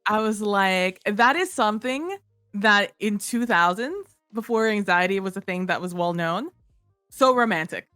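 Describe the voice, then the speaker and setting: A young woman co-hosting a podcast in casual book-club chat, animated, reading out quotes with wry asides. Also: medium pitch, unhurried, no echo, studio quality, soft background music. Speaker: podcast co-host.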